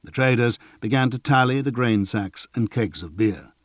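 A man reading a fantasy audiobook in an even, measured way. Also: medium pitch, dry recording. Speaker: narrator. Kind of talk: audiobook narration.

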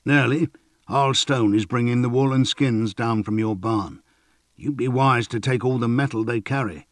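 A man doing a gruff, scolding old retainer. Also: mid-range voice, normal speed, dry recording, clean studio sound, close to an everyday voice. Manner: scolding, grumbling. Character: gruff older man, stern disapproving retainer.

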